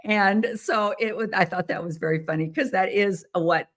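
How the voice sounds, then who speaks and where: A woman hosts a podcast solo, her mid-range voice fairly bright and her pace normal. She's American, from the United States, and she chats casually and rambles, often using fillers and starting over.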